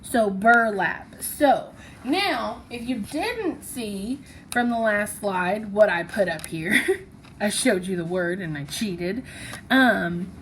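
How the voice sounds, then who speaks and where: A woman's voice: medium pitch, a little hiss or hum. A woman teaching a phonics lesson, patiently sounding out syllables and letters one by one.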